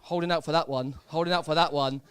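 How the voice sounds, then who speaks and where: A young man from Southampton doing a live stand-up set in a comedy club, deadpan and hesitant, full of fillers and repeats. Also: fairly high pitch, fast talker, clear, resonant tone, no echo. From Southampton, England.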